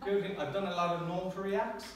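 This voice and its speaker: An Irish man with a slightly high voice delivers a light, self-mocking prepared speech, chuckling as he goes. He stands well back from the microphone, and his voice rings around a very echoey room with a faint hiss behind it. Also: steady tone, very fast. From Ireland. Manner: joking, self-deprecating, chuckles often. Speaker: club speaker. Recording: very echoey room, distant mic.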